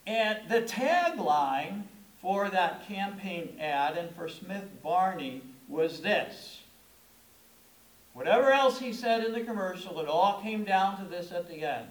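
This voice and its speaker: A middle-aged pastor with a high voice delivers a chatty, storytelling sermon, punching certain words for emphasis. The sound rings around an echoey church sanctuary. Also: male voice, lively intonation, slow pace. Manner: conversational, storytelling preaching with emphatic stresses. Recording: echoey room.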